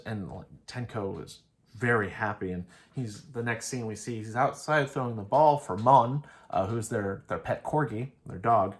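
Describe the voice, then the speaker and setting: A man's voice: on the low side, moderate pace. A man casually analyzing an anime episode, rambling through his retelling and peppering it with "like". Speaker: anime reviewer.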